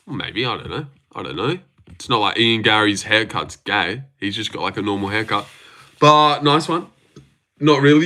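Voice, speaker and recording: A man's voice: medium pitch, expressive, brisk, sharp tone. A young man hosting a casual livestream, teasing his chat with self-mocking banter. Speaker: livestream host.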